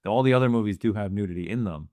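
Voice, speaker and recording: A man's voice: lowish voice, very fast, mellow, no room sound. A man co-hosting a casual movie podcast, laid-back, often chiming in with short agreements. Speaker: podcast co-host.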